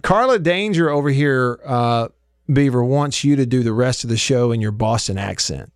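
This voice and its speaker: A man's voice: mid-range voice, expressive, normal speed, clear, resonant tone, dry recording, clean studio sound. A man hosting a sports talk radio show, incredulous and joking, laughing often. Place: radio studio. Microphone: studio microphone.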